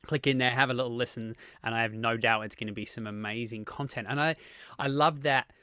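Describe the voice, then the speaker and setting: Bright, dry-sounding English male podcast host, friendly and chatty. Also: mid-range voice, steady tone, fairly quick, clear, resonant tone, dry recording. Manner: friendly, chatty, filler-heavy. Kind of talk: casual interview chat.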